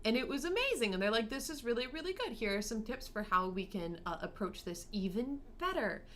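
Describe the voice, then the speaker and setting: A young woman co-hosting a podcast, telling animated stories in a casual chat, acting out what others said and laughing often. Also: fairly high pitch, a little fast, a little hiss or hum. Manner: animated storyteller who acts out quotes and laughs a lot. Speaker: podcast co-host.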